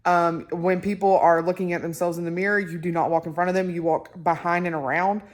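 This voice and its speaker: Casting: a young woman vlogger, lowish voice, chatty and excitable. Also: fairly quick. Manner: chatty, excitable, lots of fillers. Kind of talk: casual chat to camera.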